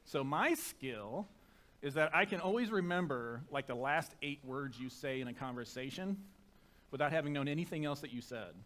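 Pastor, chatty sermon. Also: male voice, on the high side, lively intonation, moderate pace. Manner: conversational and self-deprecating, with soft reverent prayer. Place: church sanctuary. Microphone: microphone.

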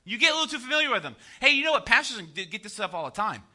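A pastor preaching with a light lilt, his high voice ringing bright and forceful. He keeps it conversational and jokey, checking in with the congregation with quick "right?" asides. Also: big pitch swings. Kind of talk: sermon.

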